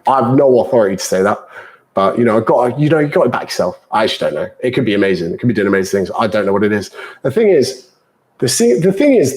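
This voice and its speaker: Chatty British fitness coach, bantering. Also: male voice, lowish voice, big pitch swings, fast, darkish tone, rough recording. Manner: chatty, banter-heavy, calls people mate. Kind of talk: live Q&A answering viewer comments.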